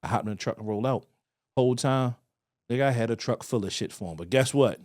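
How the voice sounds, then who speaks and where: A man with a Baltimore accent telling a profane, animated story on a casual podcast, acting out voices as he goes. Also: mid-range voice, fast, no echo, clean studio sound. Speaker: podcast co-host.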